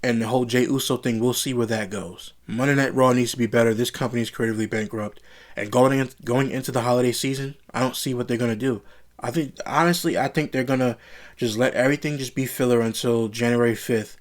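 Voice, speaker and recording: A man with a voice of ordinary middle pitch recaps a wrestling broadcast in a casual solo review. He is blunt and opinionated. He often repeats himself as he complains. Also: steady tone, fast. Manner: blunt, opinionated and repetitive, frustrated rants.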